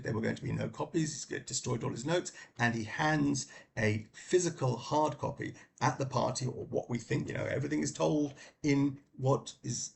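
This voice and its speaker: Gravelly, hesitant middle-aged man. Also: medium pitch, a little hiss or hum. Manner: hesitant, many fillers and restarts. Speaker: book reviewer. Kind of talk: casual spoken book review.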